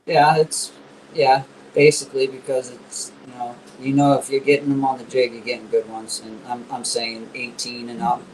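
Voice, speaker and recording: A man, a guest angler, talking casually about bass fishing and telling lively stories. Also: moderate pace, slight background noise, poor audio. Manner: animated storyteller.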